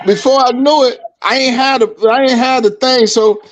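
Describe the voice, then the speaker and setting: A man hosting a podcast, talking in casual chat and telling stories in a profane, animated way, acting out what people said. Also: very high-pitched, moderate pace, a little hiss or hum. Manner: animated, profane, acts out quotes. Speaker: podcast host. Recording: dull lo-fi stream audio.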